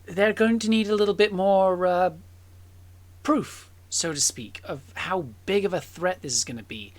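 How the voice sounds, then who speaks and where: A woman's voice: on the low side, normal speed, voice pushed up, natural voice. A woman voicing a nervous, bookish young woman in glasses, stammering and flustered in a tabletop role-play.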